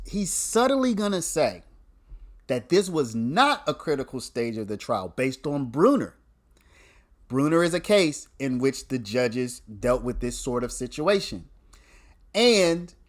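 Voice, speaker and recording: Animated man explaining to viewers. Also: on the high side. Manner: talks straight to viewers, repeats points, many restarts. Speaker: legal commentator hosting a livestream. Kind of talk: casual explanatory commentary.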